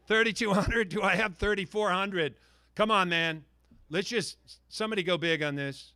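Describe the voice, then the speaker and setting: A man working as a charity auctioneer, calling bids in lively patter and teasing bidders by name with jokes. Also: high-pitched, measured pace, long pauses.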